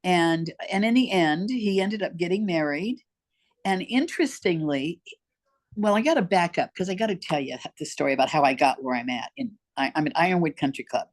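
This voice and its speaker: A woman's voice: fairly low pitch, brisk. An older woman telling her life story as an interview guest, emphatic and heartfelt, talking straight to the host. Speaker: podcast guest.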